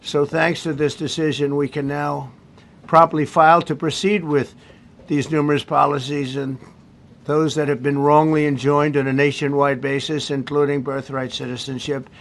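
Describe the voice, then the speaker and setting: A man's voice: fairly high pitch, flat delivery, normal speed. A man speaking at a press conference, making a declarative statement and listing items one by one.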